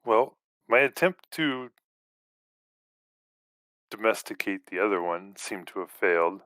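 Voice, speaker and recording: A man playing a tabletop game, describing his moves in a deliberate, easygoing way. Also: lowish voice, lively intonation, a bit bright, no echo. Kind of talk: casual game chat.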